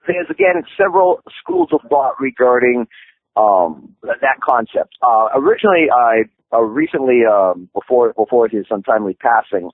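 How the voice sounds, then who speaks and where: A man, a martial arts instructor, explaining at length in an interview, with many restarts and fillers. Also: fairly low pitch. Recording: tinny phone-line audio, dry.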